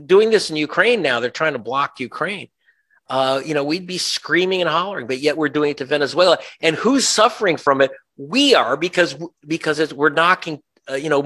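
A man's voice: a little high, a bit bright. Impassioned, sarcastic male journalist. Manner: impassioned, sarcastic, many restarts. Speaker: journalist guest. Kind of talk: political commentary in an interview.

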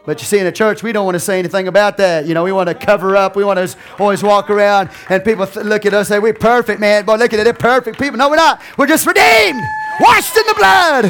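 A man preaching from the pulpit with a somewhat high voice. He drops to a hush for confessions, then climbs into shouted lines, laughing now and then as he talks to his church. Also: flat delivery, racing, hardly any pauses, faint music behind. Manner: laughs often, talks to the congregation. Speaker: pastor. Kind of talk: sermon.

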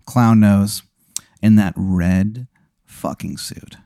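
A man's voice: lowish voice, steady tone, drawn-out words, mellow, no echo, studio quality. A man hosting and running an improvised story game, talking in a laid-back, rambling way with lots of "like" and casual swearing. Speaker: host and game master. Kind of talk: improvised tabletop-style storytelling.

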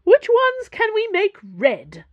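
A woman's voice: very high-pitched, wildly swooping pitch, slow, no room sound, lo-fi sound, voice pushed up, heavily acted. A woman voicing a brash woman who puts on a shrieking, haughty diva act in a read-aloud story. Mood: shrill haughty.

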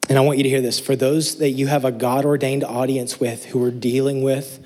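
Male pastor, mid-pitched, slightly husky voice, earnest emphatic preaching. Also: level tone, brisk, darkish tone. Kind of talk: sermon.

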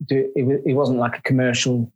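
A man's voice: medium pitch, flat delivery, darkish tone, slightly rough, highs cut off. A man who works as a photographer, talking casually as an interview guest, chatty with frequent restarts. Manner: chatty, halting, self-described grumpy.

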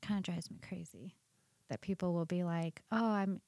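A woman's voice: lowish voice, moderate pace, warm tone, dry recording, studio quality. Emphatic woman sharing strong opinions. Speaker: guest nutrition practitioner. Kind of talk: casual conversational interview.

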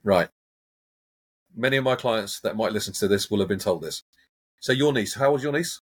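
A man, a hypnotherapist, talking in a casual interview and acting out everyday examples in an animated, coaching way. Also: fairly low pitch, normal speed, husky. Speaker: hypnotherapist guest.

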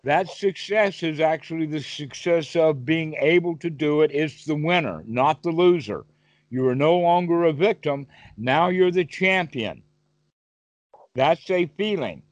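A man's voice: a little high, lively intonation, unhurried, dry recording. A man teaching meditation over a call, asking his listener questions and giving vivid everyday examples. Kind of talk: Dhamma talk on a call.

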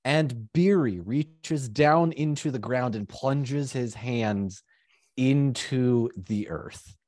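A man running a tabletop game as game master, narrating the scene slowly. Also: mid-range voice, a little mellow, dry recording.

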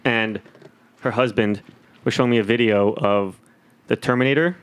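A man's voice: mid-range voice, normal speed. A man co-hosting a podcast, telling jokey stories in casual chat. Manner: jokey, animated storyteller who slips into silly voices. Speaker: podcast co-host.

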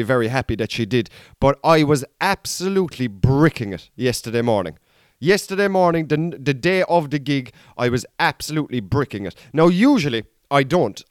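A man's voice: a little high, clean tone, dry recording, clean studio sound. A man in his thirties with an Irish accent, a comedian talking through a candid, rambling monologue with plenty of swearing. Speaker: comedian and podcast host. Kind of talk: casual storytelling monologue.

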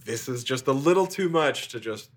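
A man's voice: mid-range voice, lively intonation, normal speed, husky. A man hosting a casual podcast chat, rambling and filling with "like" and "you know". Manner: rambling, filler-heavy. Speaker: podcast host.

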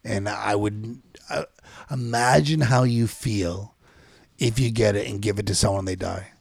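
A man with a low, gravelly voice talks haltingly on a casual podcast, picking his way through each thought. The sound is dry, right on the mic. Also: fairly even intonation, no echo. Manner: hesitant, halting with restarts. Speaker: podcast co-host. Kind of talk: casual chat.

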